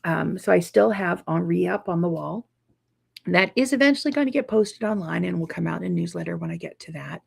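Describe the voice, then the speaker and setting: A tired woman quilting teacher talks casually to her viewers in a low, gravelly, husky voice. She rambles in a friendly way, with yawns and breaks in her speech from lack of sleep. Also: brisk. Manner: tired, yawning, chatty, warm with viewers. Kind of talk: casual live chat to viewers.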